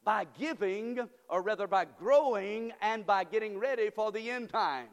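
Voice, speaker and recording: Older male pastor, high-pitched, emphatic folksy preaching, long church-hall echo. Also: moderate pace, vocal fry. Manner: preaching with rising, emphatic delivery and folksy asides. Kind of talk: sermon. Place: church sanctuary.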